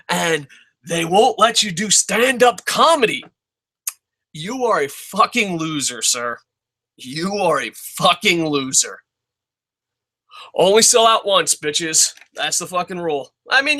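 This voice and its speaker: A young man hosting a wrestling Q&A show, ranting in a profane, comedic way and putting on mocking voices. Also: a little high. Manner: animated, swears constantly, mocking put-on voices.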